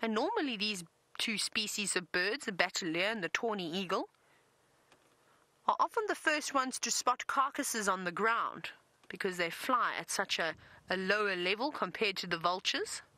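Bright chatty woman guiding a safari. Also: mid-range voice, lively intonation, moderate pace, no echo, poor audio. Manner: chatty, enthusiastic, self-deprecating. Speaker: safari guide presenter. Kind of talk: live safari commentary. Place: open safari vehicle outdoors in wind.

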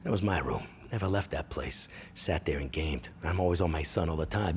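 On a stage in a hall with a long echo, a male stand-up comedian tells stories from his youth. His voice rumbles low and husky, and his delivery is profane and animated, with quick shifts into character voices.

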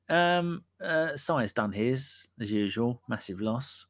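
This podcast host, a man with a medium-pitched voice, speaks slowly. He runs a casual podcast and live chat full of cheeky, sweary, jokey banter.

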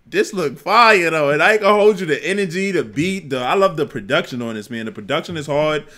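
Young male reactor, slightly high voice, excitable and rambling, casual street slang. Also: brisk. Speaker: music reaction channel host.

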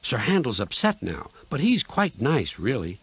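A man voicing a friendly, gentle young male steam engine who talks kindly and eagerly. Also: mid-range voice, huge pitch swings, normal speed, slightly rough, full character voice. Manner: kind, eager, soft-spoken.

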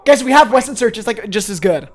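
A man streaming a game live, chatting with viewers, excitable and quick to laugh. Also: high-pitched. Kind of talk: live gaming stream chat.

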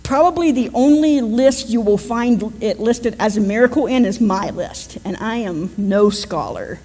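A woman's voice: fairly high pitch, unhurried, mellow, long reverb tail. A woman pastor with a West Virginian accent, giving a conversational sermon and joking with her congregation. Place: church sanctuary.

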